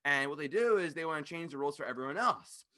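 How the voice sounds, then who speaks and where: A man hosting a podcast, ranting fast, loud and passionate into a studio microphone, swearing freely. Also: on the high side, expressive. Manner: fast-talking. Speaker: podcast host. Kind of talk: ranting monologue.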